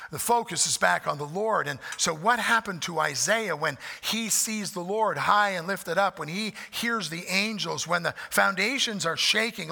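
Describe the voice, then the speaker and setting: A man preaching in a high, gravelly voice with a bright, forceful edge. He is earnest and repeats key lines for weight. His words ring out with a long reverb, as in a large church sanctuary. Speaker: pastor. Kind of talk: sermon.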